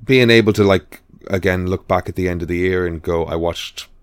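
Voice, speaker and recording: A man's voice: low voice, brisk, clear, resonant tone, dry recording. Dry-sounding rambling male podcast host. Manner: rambling, hesitant with many fillers. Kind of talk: casual chat.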